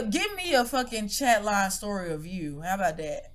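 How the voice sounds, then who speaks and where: A woman's voice: mid-range voice, moderate pace. A woman co-hosting a podcast, telling a story in casual, profane chat and acting out the people's voices. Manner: animated, profane, acts out voices in her stories; laughs hard, drops to whispers. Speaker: podcast co-host.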